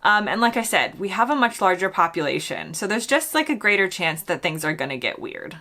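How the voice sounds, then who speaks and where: Lively, bright-voiced American woman vlogger. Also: medium pitch, brisk. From United States. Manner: chatty, self-deprecating, often laughing at herself. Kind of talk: casual explainer vlog.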